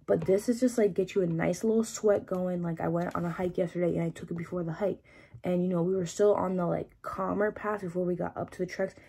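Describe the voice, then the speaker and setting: A young woman rambles excitedly through a casual vlog chat with lots of fillers. Her voice is slightly low with a gravelly, fried edge and a mellow, dark tone. A faint hiss sits behind her. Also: a little fast. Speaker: vlogger reviewing supplements.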